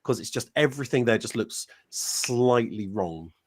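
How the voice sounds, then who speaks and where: A man's voice: mid-range voice, animated, normal speed. A man in a casual livestream chat, explaining things earnestly and in detail.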